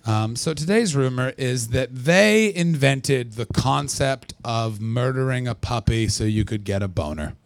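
A young Canadian man doing live stand-up at a small festival venue, profane and sarcastic, riffing with the crowd and breaking into yelled punchlines. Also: medium pitch, animated, normal speed, creaky, few pauses, dry recording. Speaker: stand-up comedian.

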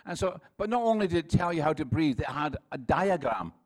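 A Scottish man in his sixties, a pastor preaching a relaxed sermon full of jokes, stories and quick restarts. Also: fairly high pitch. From Scotland. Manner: chatty, self-deprecating, with frequent laughs and restarts. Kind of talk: sermon with humorous anecdotes.

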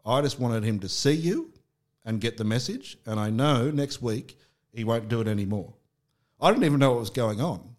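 A man's voice: mid-range voice, expressive, moderate pace. A middle-aged Australian man telling personal stories candidly in casual conversation, with frequent restarts. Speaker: podcast guest.

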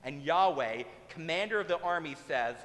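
A male pastor gives a sermon in a relaxed, humorous, conversational way. His voice sits fairly high, and the church hall around him adds a long, rolling reverb. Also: moderate pace.

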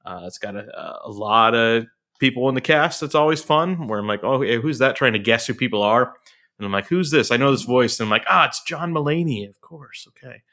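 A man's voice: mid-range voice, a little fast, bright, forceful tone. Rambling man in his thirties. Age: 30s. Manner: rambling, many ums and restarts. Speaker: movie reviewer on a talk show. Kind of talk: casual chat.

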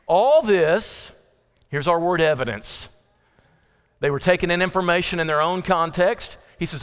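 A man's voice: high-pitched, lively intonation, moderate pace, a bit bright. A middle-aged American man preaching a conversational sermon in a church, telling everyday stories with acted asides. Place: church sanctuary. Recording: reverberant church hall.

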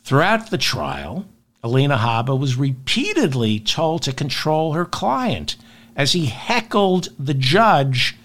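A man delivering political news commentary, emphatic and animated, repeating points for effect and acting out quotes in altered voices. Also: on the high side, slow.

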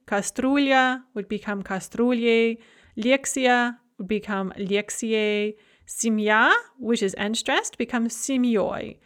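A woman teaching a grammar lesson, explaining rules clearly and reading out pairs of example words. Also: a little high. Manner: clear, methodical, reads example word pairs aloud. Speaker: language teacher.

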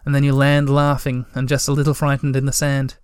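A man voicing an excitable, wondering young male troll in a storybook reading, in a raised, eager tone. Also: medium pitch, brisk, smooth, no echo, studio quality, lightly acted. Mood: excited.

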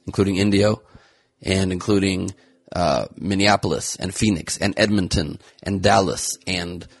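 A fairly low-voiced man hosts a comedy news podcast with a husky, gravelly tone. He rambles sarcastically through the stories and slips into jokey wordplay. The sound is dry and close. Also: no echo.

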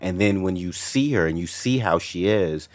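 A man with a very low voice co-hosts a relaxed talk show. He jokes around loosely and repeats himself for emphasis. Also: moderate pace. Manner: loose and joking, repeats words. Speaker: co-host. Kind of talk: casual radio chat.

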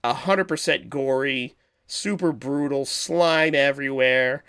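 A man co-hosting a podcast in casual chat, rambling and animated as he retells movie scenes. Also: mid-range voice, measured pace, clean tone. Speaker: podcast co-host.

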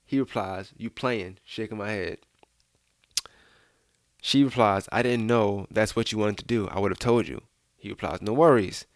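A man's voice: on the low side, moderate pace, pauses often, no echo. Man in casual podcast chat, dry sound. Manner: reads out texts, laughs often. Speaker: podcast co-host.

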